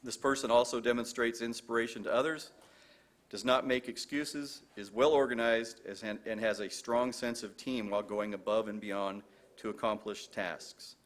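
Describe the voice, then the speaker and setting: A man's voice: medium pitch, fairly even intonation, moderate pace. A man announcing at a graduation ceremony, reading award and speaker introductions from a script at a podium microphone, with a few stumbles. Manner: formal, read from script, some stumbles.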